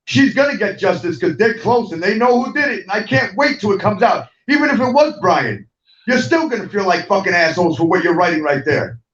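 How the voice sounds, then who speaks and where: A man's voice: high voice, expressive, a little fast, fairly bright tone, muffled recording. Angry ranting man, distant roomy mic. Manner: angry, profane, repetitive, talks straight at viewers. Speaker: host of an online talk show. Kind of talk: heated livestream rant.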